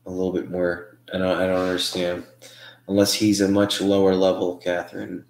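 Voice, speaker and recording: A man with a low, deep voice talks through his ideas for an online audience, stopping and restarting his sentences as he thinks aloud. The sound is roomy and echoey. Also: monotone, normal speed, a little mellow. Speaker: host of a live paranormal stream. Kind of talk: casual live-stream chat with viewers.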